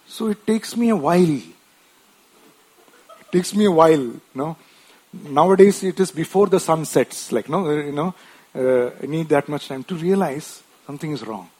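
A man's voice: a little high, animated, normal speed, a little mellow, breathy edge. A man preaching a sermon in a conversational way, often tagging his points with short questions and restarting his sentences. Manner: wife mentioned.

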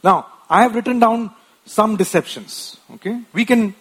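Male preacher, slightly high voice, husky, slow and chatty sermon delivery. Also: a bit bright. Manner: conversational, frequent tag questions and restarts; wife mentioned.

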